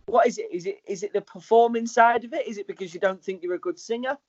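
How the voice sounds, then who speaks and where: A man's voice: high-pitched, fast, a little mellow. A young man who co-hosts a podcast and rambles through a story in casual chat. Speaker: podcast co-host. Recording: slightly dull lo-fi sound.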